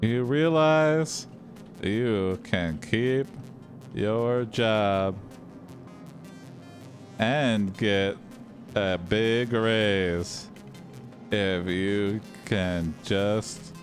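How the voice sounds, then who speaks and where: A man with a low voice hosts an improvised comedy story. He speaks very slowly, stretching out each word with pauses and fillers as he dictates the prompts. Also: soft background music. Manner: slow, drawn-out dictation with fillers. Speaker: host.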